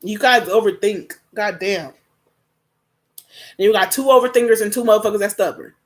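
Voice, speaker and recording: A young adult woman giving a live tarot reading in a blunt, profane, slangy way, breaking into loud laughter often. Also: medium pitch, normal speed. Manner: casual slangy talk. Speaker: tarot reader.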